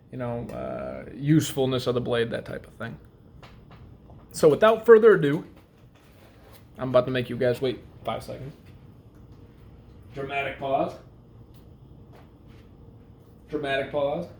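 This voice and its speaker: A man's voice: medium pitch, big pitch swings, normal speed, gravelly, pauses often, darkish tone, slight background noise. A young man hosting a casual knife review vlog, rambling with lots of fillers and joking at his own expense. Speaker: host.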